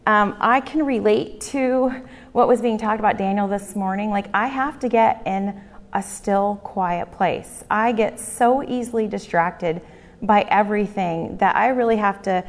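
A woman's voice: mid-range voice, a little slow, long reverb tail. A woman in her thirties giving an earnest Bible teaching talk, reading passages aloud and stressing repeated words.

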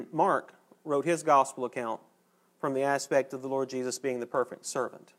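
A man preaching a sermon in a folksy, conversational way, pausing for emphasis. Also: medium pitch.

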